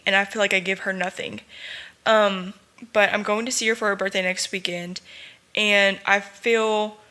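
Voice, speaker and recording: A woman's voice: mid-range voice, pushed and bright. A young woman hosting a solo podcast, talking in an earnest, heartfelt, unscripted way. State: tearful at times. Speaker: podcast host. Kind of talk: candid solo podcast talk.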